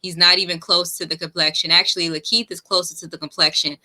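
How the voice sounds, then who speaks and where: An enthusiastic woman hosts a casual trailer reaction chat, rambling and correcting herself as she goes. Her voice is very bright and sharp, set a little low in pitch. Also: fairly even intonation, fast. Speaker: reaction video host.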